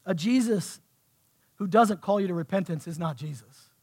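High-voiced impassioned preacher. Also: male voice, moderate pace, slightly rough. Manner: impassioned preaching, swinging from soft to shouting. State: sweating. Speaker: pastor. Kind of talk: sermon. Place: church.

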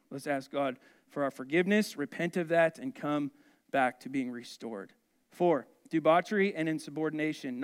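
A man's voice: a little high, clean tone. A male pastor preaching a sermon in a conversational way, asking the congregation questions and adding humorous asides.

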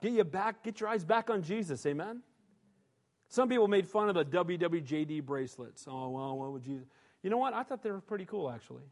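A man's voice: sits high, expressive, fairly quick. A male pastor preaching a sermon in a conversational style, often asking the congregation "amen?". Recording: long hall reverb.

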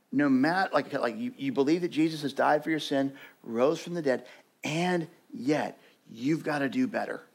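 A young adult man preaching as a pastor, talking conversationally with lots of "like" fillers and building to urgent emphasis. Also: a little high. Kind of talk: sermon.

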